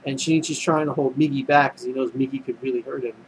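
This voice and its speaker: A man's voice: medium pitch, steady tone, fast, a little hiss or hum, rough recording. A man casually recapping an anime episode, rambling and full of fillers and restarts. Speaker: anime reviewer.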